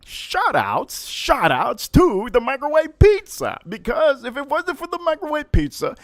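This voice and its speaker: Animated, profane male livestream host. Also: high-pitched, dry recording. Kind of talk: casual livestream chat.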